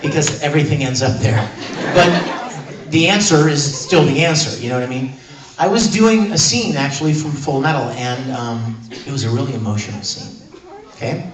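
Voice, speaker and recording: A man who is a guest at a convention panel, telling stories and joking with fans in an animated, laughing way. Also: mid-range voice, normal speed. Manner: animated, laughing, playful with the audience. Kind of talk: storytelling at a fan Q&A panel. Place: large convention panel room. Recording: echoey hall from far off, crowd noise.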